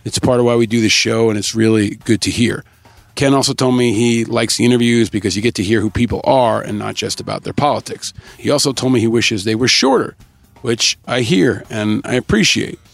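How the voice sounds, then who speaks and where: A man hosting a podcast, upbeat as he reads out shout-outs and thanks to listeners in a casual scripted way. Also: mid-range voice, fairly quick, creaky, no room sound. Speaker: podcast host.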